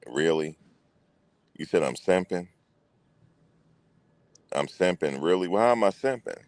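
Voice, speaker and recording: A deep-voiced man, chatting loosely on his livestream. He answers his viewers and plays back what people told him, and his voice sounds close and dry. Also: unhurried, no echo. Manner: animated, talks back to chat, mock-quotes others. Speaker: livestream host. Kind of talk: casual livestream chat.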